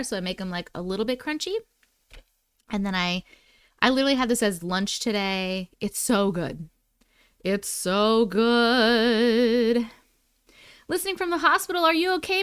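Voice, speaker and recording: High-voiced woman greeting her livestream chat. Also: fairly bright tone, clean tone, dry recording, clean studio sound. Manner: greets chatters by name, sing-song and playful. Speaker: livestream host.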